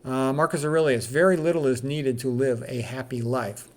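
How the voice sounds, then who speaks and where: A man's voice: medium pitch, quick pace, few pauses. A middle-aged man, a doctor, reading quotes aloud and commenting on them in a candid, casual way with plenty of fillers.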